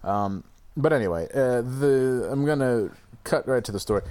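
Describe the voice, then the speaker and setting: A man's voice: medium pitch, normal speed, mellow, clear, resonant tone. A man telling a breakup story in casual chat, rambling and swearing, often restarting and laughing.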